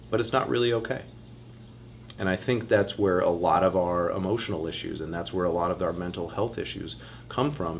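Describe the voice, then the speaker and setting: A man, a chiropractor, giving a casual online health workshop. He talks to his listeners in a chatty, animated way and calls them "you guys". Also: low voice, normal speed, a little hiss or hum.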